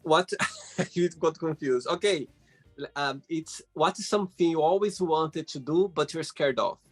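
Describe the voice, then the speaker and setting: A man's voice: on the high side, a little slow, soft background music. A man hosting a casual interview, asking questions with frequent hesitations and fillers. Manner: hesitant, filler-heavy phrasing. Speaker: host.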